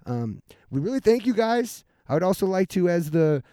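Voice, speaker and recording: Casual male podcast host, slightly high voice, loose and profane, dry close recording. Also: sing-song, moderate pace, mellow, smooth, no room sound. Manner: laid-back, swears often, laughs easily. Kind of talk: casual podcast chat and outro.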